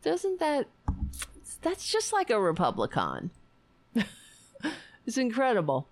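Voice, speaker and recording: A woman hosting her own political talk show, ranting with sarcasm and indignation, swearing and laughing between points. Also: a little high. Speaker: political commentary host. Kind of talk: casual political rant.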